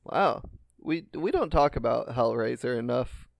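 A man's voice: medium pitch, expressive, a little slow, creaky, no room sound. A man co-hosting a casual film podcast, blunt and joking, swearing casually. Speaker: podcast co-host.

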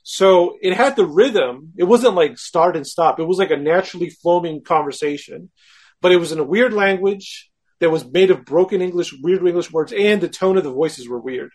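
A man, a guest, telling a personal story in casual talk, animated and self-mocking, acting out his own quoted thoughts. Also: high-pitched, moderate pace, breathy edge.

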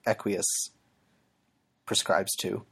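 A man co-hosting a podcast in casual chat, speaking haltingly with many fillers. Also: lowish voice, level tone, creaky, a bit bright, husky. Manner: halting, full of "like" and "um". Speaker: podcast co-host and editor.

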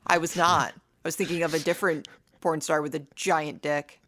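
A woman's voice: deep voice, fairly even intonation, normal speed, fairly bright tone, dry recording. A woman chiming in with short, dry remarks in a casual chat.

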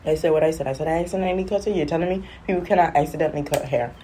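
Woman vlogger, lowish mellow voice, chatty exasperated rambler. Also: racing, a little hiss or hum. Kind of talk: casual chat.

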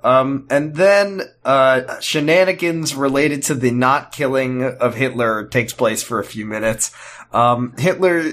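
A man's voice: medium pitch, a little slow, a bit bright. A man cohosting a podcast in casual chat, sarcastic and joking, with a lot of fillers and throwaway mock voices.

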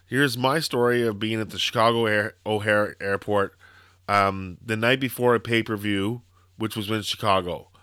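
Bright-voiced man telling rambling stories. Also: fairly low pitch, steady tone, moderate pace, smooth, dry recording, clean studio sound. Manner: rambling storyteller, lots of fillers and profanity. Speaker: podcast co-host. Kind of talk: casual chat.

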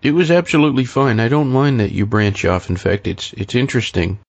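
A man hosting an interview, speaking in a measured, appreciative way. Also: mid-range voice, creaky, no room sound. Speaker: host. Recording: dull lo-fi and dry.

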